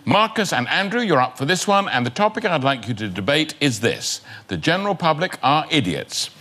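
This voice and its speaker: An older man hosting a comedy panel show, brisk and brushing off teasing to move things along. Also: a little high, big pitch swings. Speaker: game show host. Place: TV studio with live audience. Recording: loud noise and audience laughter.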